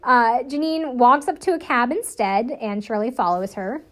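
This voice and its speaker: A woman's voice: on the high side, moderate pace, fairly bright tone. A woman casually recapping a reality TV episode, chatty and profane, filling her talk with "like" and laughing often. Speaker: show recapper.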